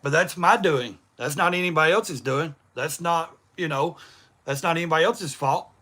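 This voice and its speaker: A man's voice: a little high, normal speed, sharp tone. A man, ranting bluntly and profanely on a livestream. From East Tennessee, USA. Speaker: livestream host. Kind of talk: unscripted livestream rant.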